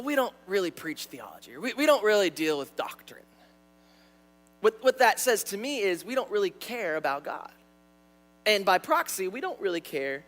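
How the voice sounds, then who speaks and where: Young male pastor, high-pitched, animated sermon delivery, stumbles on repeated words. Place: church sanctuary.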